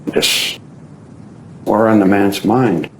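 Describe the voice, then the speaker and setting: A man giving a storytelling talk, acting out the voices of the people he describes. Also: slow pace. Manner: animated storyteller who acts out quoted voices. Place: at the site being described. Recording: roomy echo with faint low rumble.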